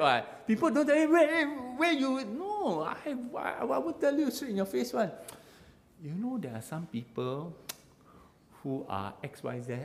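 A man preaching a sermon in a lively way, acting out dialogue and using local particles. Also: on the high side, big-room sound. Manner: animated, acts out dialogue, Singlish particles.

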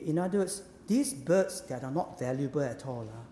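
A preacher, delivering a sermon with emphatic rhetorical questions and sudden drops to a hushed voice. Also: medium pitch, sing-song, brisk, a little hiss or hum. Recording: echoey hall with long reverb.

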